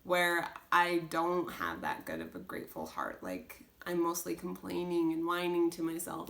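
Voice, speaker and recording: A woman's voice: on the low side, lively intonation, measured pace, creaky, few pauses, fairly bright tone. A young woman talking casually as a homeschooling mom, earnest and rambling, full of restarts and "like". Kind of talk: casual chat.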